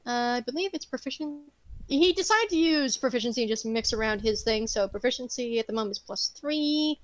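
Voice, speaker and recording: Woman, game master, tabletop narration, animated, high pitch. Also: brisk, dry recording, poor audio. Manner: animated, laughing, casual swearing.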